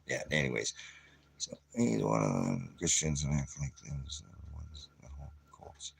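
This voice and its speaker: A man's voice: a bass voice, lively intonation, moderate pace, vocal fry, pauses often, husky. A middle-aged man hosting his own channel, delivering a profane, combative, rambling rant at his viewers. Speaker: channel host. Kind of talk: ranting monologue to viewers.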